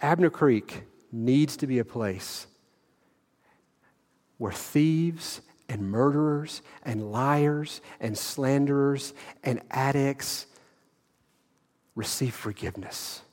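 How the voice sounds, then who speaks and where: A middle-aged male pastor preaches an earnest sermon in a slow, medium-pitched, slightly mellow voice. He repeats words and asks the congregation direct questions, with a long hall reverb on the recording.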